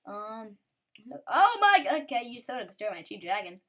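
A woman's voice: fairly high pitch, very animated, normal speed, bright, forceful tone. Giggly woman rambling over gameplay. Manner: giggly, rambling, playful with silly sing-song bits. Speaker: gameplay commentator. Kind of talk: casual game commentary.

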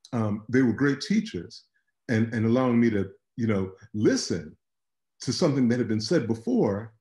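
A man speaking as a panelist on a virtual conversation, halting and repeating words as he thinks. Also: medium pitch, a little mellow, reverberant. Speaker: panelist artist. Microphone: video call.

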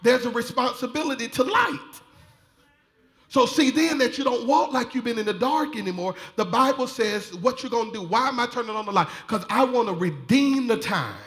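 A man preaching a sermon in a folksy style, laughing often and rising to shouted fervor. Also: very high voice, normal speed. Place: church sanctuary.

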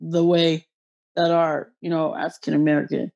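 A woman from Ohio hosting a podcast, telling personal stories in a slangy, blunt, animated way. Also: low voice, normal speed, creaky, muffled recording. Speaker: podcast host. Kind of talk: casual podcast chat.

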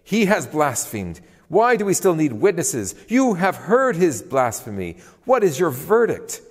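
A man reading a stern ancient high priest, raising his voice in insistent questions. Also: huge pitch swings, measured pace, breathy edge, long reverb tail, heavily acted. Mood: demanding.

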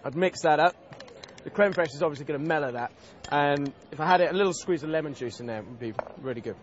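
A man's voice: on the high side, quick pace, highs cut off, a little hiss or hum. A man demonstrating a cooking dish as a TV chef, talking in a casual, chatty and enthusiastic way at an outdoor food festival.

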